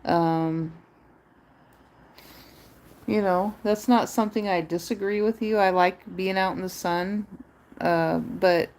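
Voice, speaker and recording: A woman's voice: mid-range voice, fairly even intonation, slow, long pauses, darkish tone. A woman live streamer chatting in a rambling, musing way, drifting into wordplay.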